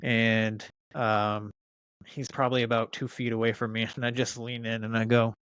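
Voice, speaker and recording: Guy in his 30s, smooth clear voice, cusses a lot, lots of um and like, chatty podcast vibe. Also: mid-range voice, little pitch movement, normal speed, a bit bright, no echo, lo-fi sound. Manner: profane storytelling with frequent fillers and restarts. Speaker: podcast guest. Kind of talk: casual chat.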